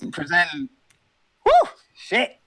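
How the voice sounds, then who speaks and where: A young man, speaking from his car as an interview guest, jokes, boasts and rambles with plenty of swearing, brash and comically profane. His voice is a little high and animated at a moderate pace, with crowd noise behind him.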